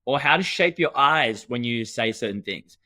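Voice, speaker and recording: Emphatic man with a bright voice. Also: mid-range voice, moderate pace, dry recording. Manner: energetic, emphatic, teaching tone. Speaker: podcast co-host. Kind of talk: conversational podcast talk.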